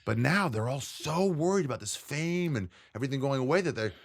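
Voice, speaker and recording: Guy comic on a podcast, cursing a lot, super lively up-and-down voice, casual chat. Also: fairly quick, gravelly. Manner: profane, animated, jumps pitch to act out quotes. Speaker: guest comedian.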